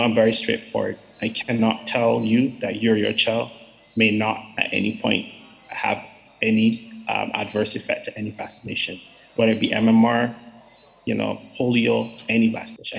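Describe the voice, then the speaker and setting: A Barbadian man speaks earnestly over a call, stopping and restarting his sentences often. His voice is heavily gravelly and husky. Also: lowish voice, completely flat delivery, low-quality recording. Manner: earnest, halting, many fillers and restarts. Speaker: chief medical officer. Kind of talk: town hall answer. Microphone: video call.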